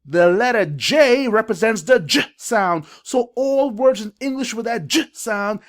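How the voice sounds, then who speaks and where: A man's voice: sits high, lively intonation, unhurried. A middle-aged man coaching parents on reading, who sounds out syllables and spelling rules with emphasis. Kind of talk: instructional video for parents. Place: classroom or school office.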